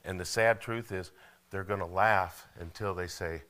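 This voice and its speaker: A man's voice: deep voice, fairly even intonation, normal speed, fairly bright tone. A man preaching a sermon in a church, folksy and full of rhetorical questions and calls for amen. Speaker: pastor. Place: church sanctuary.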